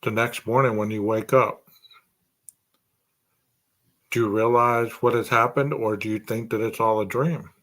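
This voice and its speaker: A man's voice: on the low side, steady tone, unhurried, long pauses, a bit bright. A man hosting a true crime podcast, speculating aloud through a string of rhetorical questions.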